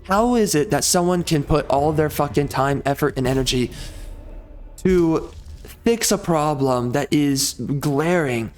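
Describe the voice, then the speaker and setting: A young man rants to his audience, swearing and circling back over the same complaints. His voice sits a little high for a man. Faint music plays underneath him. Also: a little slow. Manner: profane, heated, repetitive. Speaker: gaming YouTuber. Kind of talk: angry rant to camera.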